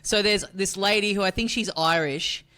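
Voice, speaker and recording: A man's voice: high-pitched, normal speed, bright, forceful tone, clean tone. A man co-hosting a casual gaming podcast, rambling through stories, swearing and laughing often. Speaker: podcast co-host. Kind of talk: casual chat.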